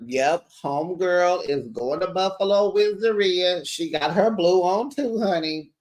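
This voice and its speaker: A woman hosting a casual reality TV recap, chatty and animated, talking straight to her viewers. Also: on the low side, normal speed, hardly any pauses. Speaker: recap channel host.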